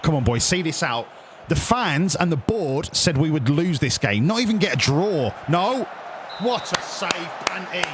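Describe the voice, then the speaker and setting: A young streamer chats to his viewers while he manages a football match in a game. His delivery is animated and swings widely in pitch, often sweary and excitable. A faint background hum sits under his voice. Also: unhurried. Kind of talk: casual live-stream commentary.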